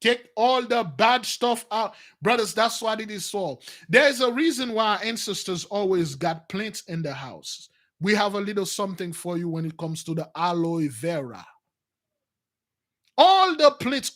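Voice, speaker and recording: A man delivering an animated preaching monologue, swinging between loud outbursts and low mutters. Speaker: spiritual teacher.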